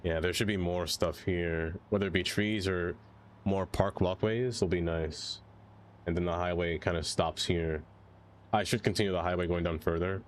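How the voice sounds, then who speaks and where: A man's voice: low voice, a little slow, long pauses, slight background noise. A man streaming a city-building game, rambling casually to his viewers and getting sidetracked by chat. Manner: rambling, chatty, easily sidetracked.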